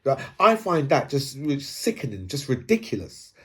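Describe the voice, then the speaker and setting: A man's voice: mid-range voice, very animated, normal speed, fairly bright tone, breathy edge. A man ranting casually in a rambling monologue, swearing and tagging his points with "right?".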